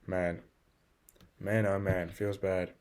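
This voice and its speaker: Male journal vlogger, lowish voice, blunt and profane, self-critical. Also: level tone, slow, a little mellow. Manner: scolds himself in the second person. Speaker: video journal keeper. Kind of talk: casual self-talk journal.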